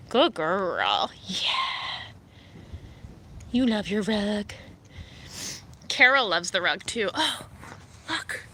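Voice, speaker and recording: A woman filming her foster cats at home and in the yard, chatting to them in cooing baby talk and to her viewers in a relaxed way. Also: medium pitch, extremely slow, long pauses. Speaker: cat foster streamer. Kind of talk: casual talk to pets on camera. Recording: faint wind and outdoor noise.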